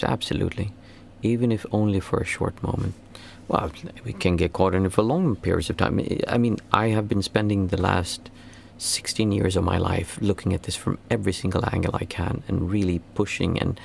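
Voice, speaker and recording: A man as a meditation teacher answering questions in casual talk, earnest and rambling, restarting phrases and jumping high to stress a point. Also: gravelly, slight background noise.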